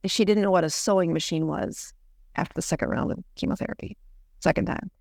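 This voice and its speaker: A woman's voice: on the low side, brisk, gravelly, darkish tone, no echo, studio quality. A middle-aged woman physician telling a personal story earnestly, with frequent "you know" restarts. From United States. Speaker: physician guest. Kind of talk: conversational storytelling.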